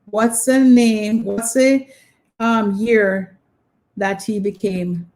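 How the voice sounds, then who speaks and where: A woman's voice: medium pitch, steady tone, drawn-out words, darkish tone. A woman hosting a live online trivia quiz, patiently repeating her questions and prompting viewers. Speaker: quiz host.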